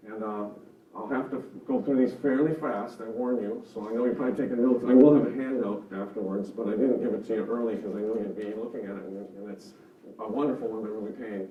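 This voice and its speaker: A man's voice: on the low side, a little hiss or hum. A man teaching a church seminar in an earnest, conversational way, explaining with examples. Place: seminar room. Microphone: microphone over a room speaker system. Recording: roomy, distant, dull sound.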